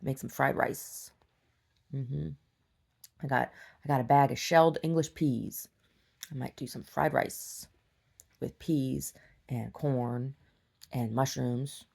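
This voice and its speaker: A woman's voice: very deep voice, steady tone, takes it slowly, gravelly, long pauses, darkish tone, breathy edge. A woman vlogger rambling to herself in a casual video diary.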